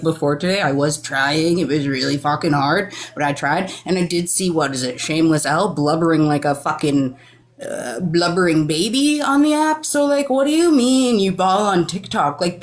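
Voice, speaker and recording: A woman on a live stream panel, talking casually with many fillers and plenty of swearing. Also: on the low side. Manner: chatty, many fillers, profane. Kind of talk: casual chat.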